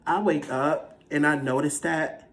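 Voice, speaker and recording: A vlogger casually telling a personal story in a dramatic, animated, slangy way. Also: mid-range voice, measured pace. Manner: slangy, conversational.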